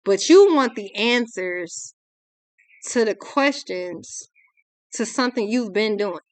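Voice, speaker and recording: A woman's voice: mid-range voice, lively intonation, slow, no room sound. A young adult woman, giving a ranting tarot reading in a blunt, exasperated, profane way. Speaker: tarot reader.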